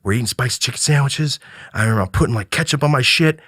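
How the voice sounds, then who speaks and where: A man in his thirties from Oregon, telling a profane, animated story as a podcast guest. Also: mid-range voice, very fast, breathy edge, no room sound, studio quality. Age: 30s. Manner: animated, profane, breaks into loud excited outbursts.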